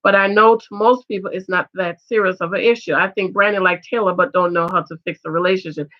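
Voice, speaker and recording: A middle-aged woman giving loud, emphatic casual commentary on a reality show and reading viewer comments. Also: lowish voice, steady tone, fast talker, lo-fi sound. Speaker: vlogger reviewing a reality show.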